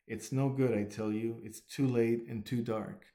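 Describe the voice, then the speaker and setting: A man's voice: medium pitch, steady tone, unhurried, dark tone, roomy sound, lightly acted. A man reading aloud as a homesick male mole, speaking in broken, tearful pleas. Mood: pleading.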